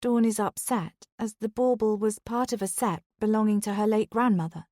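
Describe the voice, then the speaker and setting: A woman reading a first-person thriller audiobook in a calm, even storytelling voice. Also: mid-range voice, normal speed, no echo, studio quality. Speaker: audiobook narrator.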